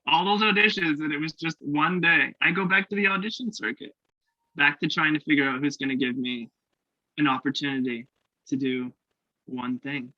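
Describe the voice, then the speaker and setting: Man, young, from Canada, higher voice, animated storyteller, dull dry sound. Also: moderate pace, no room sound. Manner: animated, laughing, acts out quoted voices. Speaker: guest actor. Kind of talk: casual storytelling interview.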